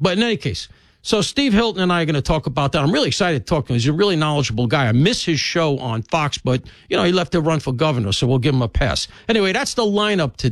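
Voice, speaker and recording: This is a man hosting a talk radio show, setting out the day's lineup in an emphatic, rambling monologue. His voice sits slightly high for a man and swoops up and down with lively emphasis. The studio sound is close and dry. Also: no echo. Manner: animated, emphatic, rambling asides.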